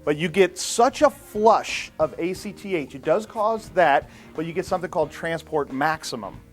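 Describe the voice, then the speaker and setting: A man's voice: fairly high pitch, expressive, moderate pace, faint music behind. A man giving a classroom lecture on physiology, posing rhetorical questions.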